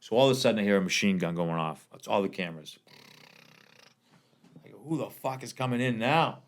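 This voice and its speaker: A middle-aged man from the area, a podcast guest telling animated, profane stories and acting out the dialogue. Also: fairly low pitch, fairly quick. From Boston area, USA. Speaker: podcast guest, former rapper. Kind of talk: casual podcast storytelling.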